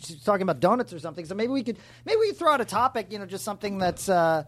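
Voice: mid-range voice, sing-song, rapid-fire, fairly bright tone. A co-host on a comedy podcast who stammers and laughs while talking.

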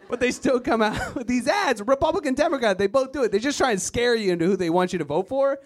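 A man's voice: extremely high pitch, animated, quick pace, hardly any pauses. A man from Virginia doing a stand-up comedy set on a club stage, mocking the voices of the people he describes. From Virginia, USA. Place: comedy club stage before a live audience.

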